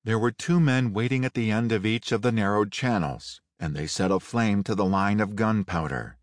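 A man narrating a Western audiobook in a measured, unhurried storytelling manner. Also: on the low side, no room sound. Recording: dry close studio read.

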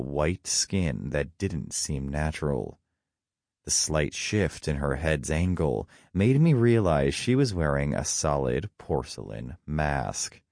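Very deep-voiced male narrator, dry room. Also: vocal fry, darkish tone, no room sound. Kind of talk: first-person audiobook narration.

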